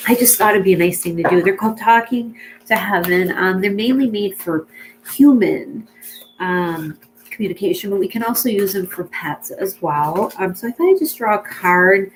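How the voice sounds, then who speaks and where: A woman giving a pet mediumship reading in a casual, emotional way, often tearful, with many fillers and gentle reassurance. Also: mid-range voice, a little hiss or hum, low-quality recording. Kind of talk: casual spoken reading to a client.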